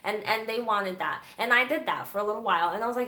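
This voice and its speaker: With a medium pitch and a quick pace that leaves hardly any pauses, a woman on a livestream frankly shares stories about her church group past, sarcastic and animated, while reading viewer comments aloud. The audio sounds roomy, with a little hiss or hum.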